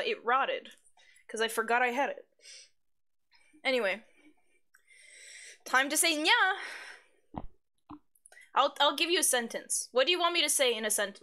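With a slightly high, bright, and forceful voice, a woman streamer hangs out in casual chat, reading messages aloud while cursing freely and giggling often. Faint music plays underneath.

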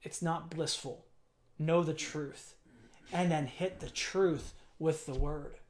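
A man with a high-pitched voice delivers a sermon as pastor. He builds to forceful, emphatic peaks and throws rhetorical questions at the congregation. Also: steady tone, slow pace.

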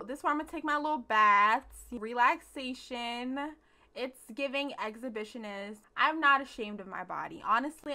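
A woman's voice: on the high side, sharp tone. A young woman chatting casually and playfully while touring her game house. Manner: chatty, slangy and playful, with little laughs. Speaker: gaming YouTuber. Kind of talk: casual let's play commentary.

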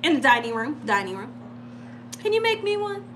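A woman's voice: high voice, brisk, noisy background. A woman hosting a live cooking stream from home, chatting casually and telling stories with frequent laughter. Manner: animated, laughs often while telling stories. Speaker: cooking channel host.

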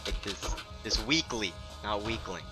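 Young male game commentator, tired and unhurried, profane, with outbursts over clear game music. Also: on the low side, expressive. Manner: profane, tired, mumbling with sudden loud outbursts. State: sleep-deprived. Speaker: gameplay commentator. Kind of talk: casual gaming commentary. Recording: game music playing underneath.

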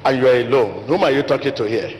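A man's voice: quick pace, a little mellow. A man delivering an emphatic, repetitive sermon as a pastor in a large church hall. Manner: repetitive emphatic preaching, rising to high pitch. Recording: long hall reverb, faint noise.

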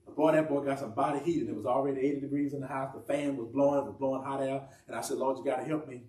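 A pastor preaching a sermon, with emphatic, drawn-out phrasing. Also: male voice, medium pitch, fairly even intonation, warm tone. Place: church sanctuary. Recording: echoey church room from far off.

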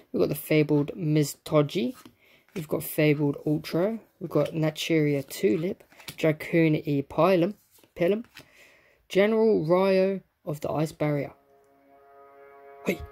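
A man's voice: on the high side, creaky, darkish tone. A young man chats loosely while opening trading card packs, reading each card name aloud and dropping frequent swears. His delivery is laid-back and conversational, with faint music playing behind him. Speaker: card pack opening host. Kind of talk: casual pack-opening chat.

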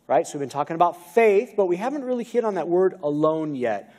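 An animated American pastor preaches quickly and with few pauses, his fairly high voice carrying a darkish tone. He questions the congregation as he goes, speaking from the pulpit of a church sanctuary into a video-recorded mic.

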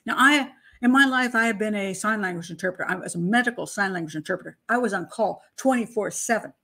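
This older woman talks fast in a mid-range voice with a bright, forceful tone. As a criminal profiler hosting a casual true-crime channel, she dissects testimony emphatically and with obvious incredulity, ridiculing it by acting out the voices.

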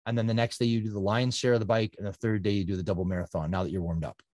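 A middle-aged man from Canada, a guest telling his story in a casual, animated way and acting out quotes. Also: on the low side, very fast, no room sound, studio quality. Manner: animated, conversational, acts out quotes.

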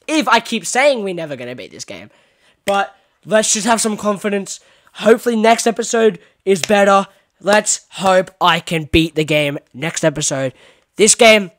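Jumpy Australian gamer guy, bright voice. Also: high-pitched. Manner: jumpy, yelps and shouts when startled, slangy "bro" and "yo". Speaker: gaming YouTuber. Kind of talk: horror game let's-play commentary.

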